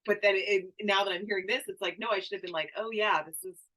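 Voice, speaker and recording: A student sharing in class, emotional and near tears, halting as they search for words. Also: mid-range voice, steady tone, bright, forceful tone, low-quality recording.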